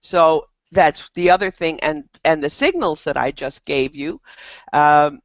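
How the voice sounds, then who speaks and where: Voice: medium pitch, measured pace, no echo, lo-fi sound. A dog trainer giving casual, practical advice, often restarting sentences mid-thought. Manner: animated, loose, with frequent restarts. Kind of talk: casual instructional talk.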